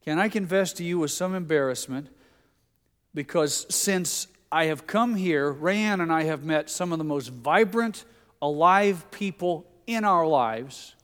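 A middle-aged pastor delivers a storytelling sermon in a fairly high voice. He drops softer when quoting others. His words ring through a church hall with long reverb. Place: church sanctuary.

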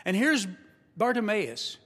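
Male pastor, high voice, storytelling sermon, long hall reverb. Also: big pitch swings, takes it slowly, a bit bright. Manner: storytelling, acts out quoted voices.

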